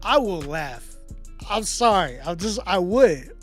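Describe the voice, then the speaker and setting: Slow, slangy male stream host. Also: high voice, big pitch swings, faint music behind. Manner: slangy, laughs often, loose rambling restarts. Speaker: livestream music critique host. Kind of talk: casual live-stream chat.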